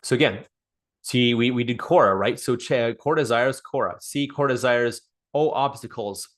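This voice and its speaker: A man's voice: mid-range voice, normal speed. A man coaching a small group on sales over a call, talking off the cuff, repeating and restarting phrases and acting out sample dialogue. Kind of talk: live online coaching session.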